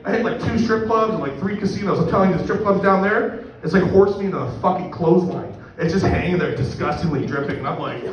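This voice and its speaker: A middle-aged man with a fairly high voice tells a crude, self-mocking story to a crowd. He sits well back from the microphone in a boomy, echoing room. The sound is muffled. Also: fast talker. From Canada. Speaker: stand-up comedian. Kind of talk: profane stand-up storytelling. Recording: echoey distant room mic, muffled.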